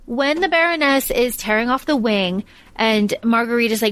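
A young adult woman co-hosts a podcast with a slightly high voice. She talks bluntly and emphatically in casual chat, swearing freely. The sound is dry and close. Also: moderate pace, fairly bright tone, smooth, dry recording. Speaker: podcast co-host.

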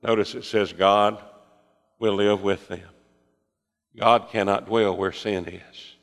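An older man preaching a sermon, folksy with joking asides, swinging from impassioned fervor to hushed, quiet passages. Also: on the low side, fairly even intonation, takes it slowly, gravelly, long reverb tail.

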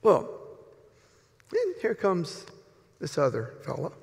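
An older man in his sixties preaches to a hall, and his slow, gravelly voice carries a long reverb. He tells his story in a folksy, joking way and swings his pitch up and down with lively inflection. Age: 60s. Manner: folksy, joking, drawn-out pauses. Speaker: pastor. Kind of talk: humorous storytelling sermon.

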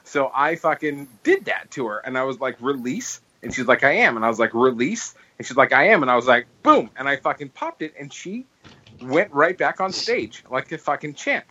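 A young adult man co-hosting a podcast, telling a story in a lively casual chat and swearing freely. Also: medium pitch, brisk, rough recording. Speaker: podcast co-host.

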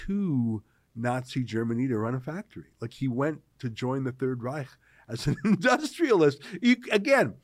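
A man from Canada hosting political commentary, talking in an animated, sarcastic way. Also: a little high, no room sound. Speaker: host.

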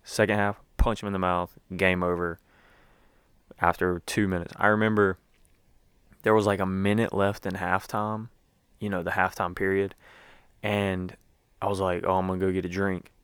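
A man's voice: low voice, level tone, moderate pace, long pauses, fairly bright tone, smooth, dry recording. A young man giving a rambling, casual recap as a sports fan, with lots of fillers and restarts.

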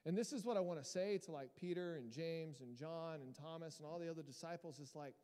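A man's voice: on the high side, brisk, hardly any pauses, warm tone. A male pastor preaching a sermon in a casual, joking, self-deprecating way. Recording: long church reverb.

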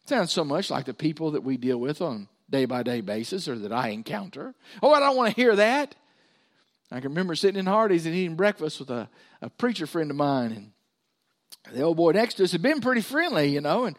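A man with a high-pitched voice preaches a sermon a little fast. He tells stories with animation and acts out the voices of the people in them.

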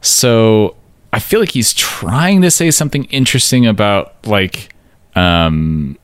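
Wry low-voiced man chatting dryly. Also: expressive, measured pace, clear, resonant tone, no room sound. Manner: dry, wry and joking, with fillers and laughs. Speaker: podcast co-host. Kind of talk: casual chat about song lyrics.

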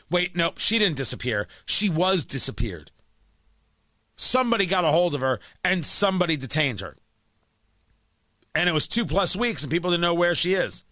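A man hosting talk radio, delivering an emphatic opinionated monologue that swings from loud scolding to low asides, on a studio mic. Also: no room sound. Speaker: radio talk show host.

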